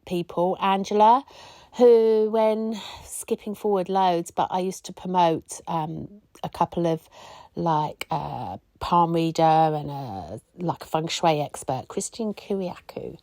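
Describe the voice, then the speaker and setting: A woman's voice: fairly low pitch, warm tone, no room sound. A middle-aged woman, hosting a casual solo podcast and reminiscing in a rambling way with many asides. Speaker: podcast host.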